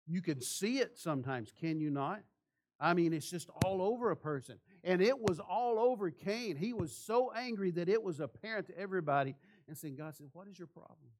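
Preaching man, slightly high voice. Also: expressive, moderate pace, a little mellow, a little hiss or hum. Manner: preaching with rhetorical questions to the congregation. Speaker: pastor. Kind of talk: sermon. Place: church.

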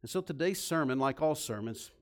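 A man's voice: mid-range voice, animated, a little fast. A man preaching a sermon in a conversational, emphatic way, asking the listeners rhetorical questions. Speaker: pastor.

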